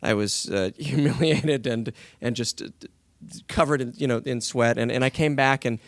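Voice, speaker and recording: Animated man telling a story. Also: medium pitch, moderate pace, dry recording. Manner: animated anecdote, acting out quoted lines. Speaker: voice actor. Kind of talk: casual storytelling on a panel.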